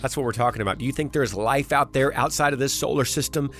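Folksy late-night radio host, mid-pitched, earnest, soft music underneath. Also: male voice, fast.

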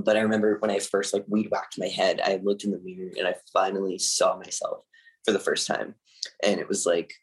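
A young man from Canada, telling a personal story candidly and haltingly, with many fillers and nervous laughs. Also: deep voice, low-quality recording.

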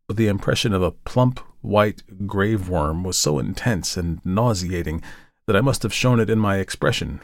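A man narrating a horror story in a measured, deliberate way, slowing down for the grim parts. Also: sits low, gravelly, dry recording, studio quality. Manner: measured, deliberate, slows for dread. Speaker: podcast host and reader.

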